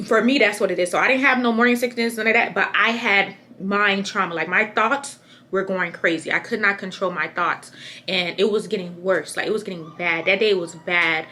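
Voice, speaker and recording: A woman's voice: medium pitch, moderate pace, bright, forceful tone, slight background noise. A pregnant young woman talking candidly to camera in a casual vlog, chatty and rambling, often repeating herself. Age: young adult. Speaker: vlogger.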